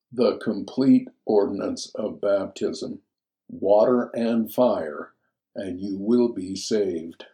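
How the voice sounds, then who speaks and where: Slow, low-voiced man teaching scripture. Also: warm tone, poor audio. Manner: reads verses aloud then explains them slowly. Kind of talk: scripture commentary sermon.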